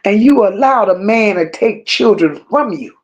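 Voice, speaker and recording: A woman hosting a commentary stream, talking in a slow, emphatic and scornful way and stopping to read viewer comments aloud. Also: mid-range voice, expressive. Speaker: commentary channel host. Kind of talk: unscripted livestream rant.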